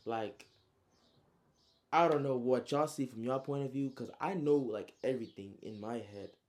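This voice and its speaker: A man's voice: mid-range voice, moderate pace, a little mellow. A young man casually recapping his own story in heavy slang, adding spoken sound effects as he goes.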